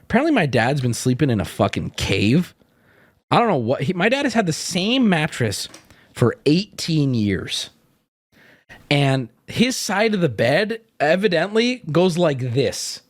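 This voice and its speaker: A man's voice: a little high, a little slow, no echo, clean studio sound. A man streaming, telling stories in casual chat with lots of swearing. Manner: animated, profane storytelling.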